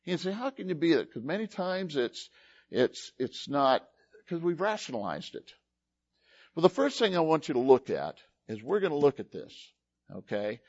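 Man preaching, high voice, conversational, dry muffled recording. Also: sing-song, moderate pace, a little mellow, no echo. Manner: conversational, reads scripture aloud with rising emphasis. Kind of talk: sermon. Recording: dry, dull lo-fi sound.

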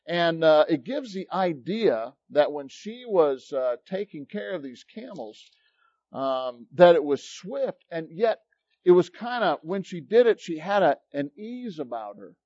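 A man preaching a sermon as pastor, telling stories in an animated, emphatic way. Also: on the high side, measured pace, no echo. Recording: dull lo-fi recording, dry.

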